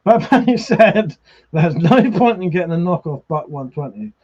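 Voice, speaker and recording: A man's voice: sits high, expressive, measured pace, a little mellow, breathy edge. A drunk man hosts a livestream, chatting casually, reading out viewer comments, swearing freely and laughing often. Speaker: livestream host. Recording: slightly muffled livestream audio.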